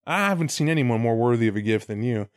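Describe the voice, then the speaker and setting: A man's voice: mid-range voice, fast, dry recording, studio quality, voice pushed down, natural voice. A man voicing a flirtatious male fallen angel who talks in laid-back, casual slang. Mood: smooth.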